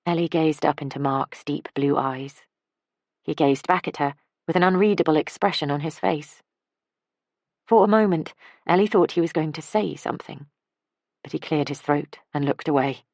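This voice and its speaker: Woman audiobook narrator, calm and measured, low voice, dry close recording. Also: no room sound. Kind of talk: scripted narration.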